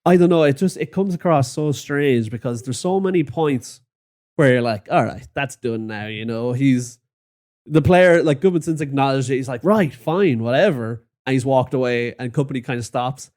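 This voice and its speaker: A man co-hosting a football podcast in casual chat, laughing often and swearing in relaxed banter. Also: mid-range voice, normal speed. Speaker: podcast co-host.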